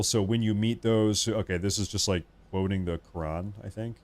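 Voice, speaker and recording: A man's voice: mid-range voice, brisk, hardly any pauses, a little mellow. A man hosting a live stream, talking casually and rambling, often restarting and muttering asides to himself.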